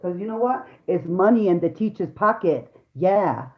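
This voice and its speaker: A woman's voice: fairly low pitch, lively intonation, moderate pace, few pauses. Woman ranting hotly in a roomy space. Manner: heated, profane, repetitive, talks straight to viewers. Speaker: vlogger, mother. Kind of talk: angry profane rant to camera. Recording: roomy, dull lo-fi sound.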